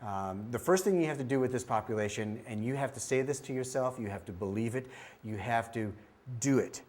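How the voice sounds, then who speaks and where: A man's voice: mid-range voice, fairly quick. A middle-aged man giving a training talk on screening children's hearing, telling stories and acting out the children and the test beeps. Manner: animated storyteller, acts out child voices and beeps. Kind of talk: training presentation with demonstrations.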